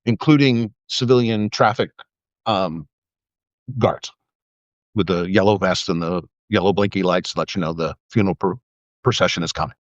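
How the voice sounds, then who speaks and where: A man's voice: deep voice, moderate pace, pauses often, dry recording, lo-fi sound. A man in his fifties, a former police officer, telling rambling stories on a live stream and swearing freely. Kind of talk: casual live-stream monologue.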